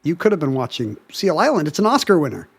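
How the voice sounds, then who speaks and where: A man's voice: on the high side, big pitch swings, fast, husky. A man co-hosting a podcast, casually explaining facts and looking details up as he talks. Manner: explains facts, looks things up on the spot. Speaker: podcast co-host. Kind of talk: casual chat.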